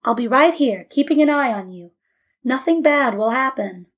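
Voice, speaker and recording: A woman's voice: sits high, lively intonation, moderate pace. A woman playing a guarded, tender father. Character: guarded working-class father, tender to his son.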